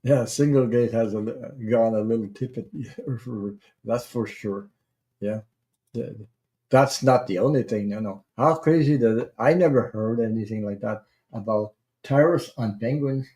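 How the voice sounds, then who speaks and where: A man hosting a tarot livestream, chatting casually and rambling, with halting restarts while he greets viewers. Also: mid-range voice, mellow. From Canada.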